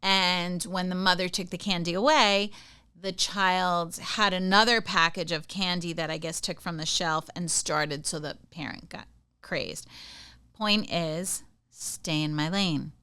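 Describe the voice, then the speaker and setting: On her podcast, a middle-aged woman offers casual advice, sharing personal stories and often turning to ask how her listeners are doing. Her lowish voice is bright, pushed and clean, with fairly even intonation and a measured pace, recorded dry.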